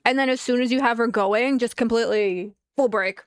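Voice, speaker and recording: Woman livestream cohost, kinda high voice, dry wry jokes, reads out donations. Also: a little fast, clear, resonant tone, no room sound. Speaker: livestream co-host. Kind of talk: casual chat.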